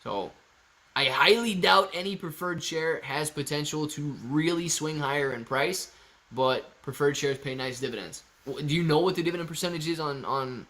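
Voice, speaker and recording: A man with a slightly high voice talks casually on a live stream. He stays upbeat and chatty while he reads out viewer messages and answers each one. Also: moderate pace, sharp tone. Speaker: livestream host answering viewer chat. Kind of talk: casual live stock-market commentary. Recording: home livestream setup.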